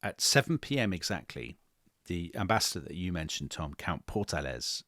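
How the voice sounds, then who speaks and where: A middle-aged man with a very low voice co-hosts a history podcast, recounting events with dramatic flair. He slips into the voices of the people he quotes, and the recording is dry and close to the mic. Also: sing-song, moderate pace, a bit bright, no room sound. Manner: dramatic retelling with acted quotes. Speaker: podcast co-host. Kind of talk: animated historical storytelling.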